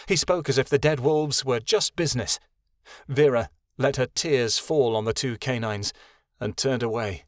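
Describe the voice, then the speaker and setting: A man reading a fantasy audiobook as narrator, in a steady, measured way. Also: medium pitch, dry recording, studio quality. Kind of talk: scripted narration.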